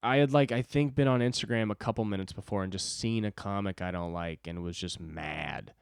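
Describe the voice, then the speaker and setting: A man's voice: on the low side, a little fast, gravelly, smooth, no room sound, studio quality. A man in his twenties talking alone on his own podcast, rambling, swearing and mocking himself. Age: 20s. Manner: rambling, profane, self-deprecating. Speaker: podcast host. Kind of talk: solo podcast monologue.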